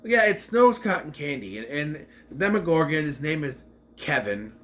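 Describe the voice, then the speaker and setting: Lively rambling man recapping a show. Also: fairly high pitch, normal speed, a little hiss or hum. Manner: rambling, self-correcting, acts out scenes while retelling. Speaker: TV episode reviewer. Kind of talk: casual recap and review.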